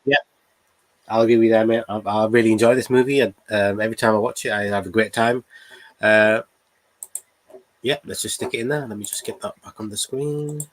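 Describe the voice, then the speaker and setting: A relaxed man co-hosting a casual livestream chat, easy and agreeable. His voice sounds dry and close, with no room echo, and he mutters to himself as he sorts things on screen. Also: lowish voice, brisk. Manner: relaxed, agreeable, mumbles while using his computer. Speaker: co-host.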